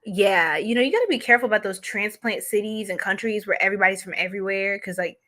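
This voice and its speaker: A woman's voice: mid-range voice, fast talker, pushed and bright. A playful, giggly woman from New York, chatting casually as host of a psychic reading livestream. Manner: playful and giggly, laughs often.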